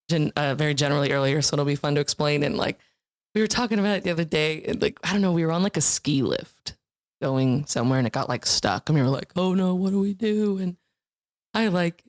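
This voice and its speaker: A woman's voice: deep voice, quick pace. Giggly young woman telling improv stories. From Iowa, USA. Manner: bubbly, laughs often, animated storytelling. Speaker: podcast guest, improv comedian. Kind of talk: casual chat.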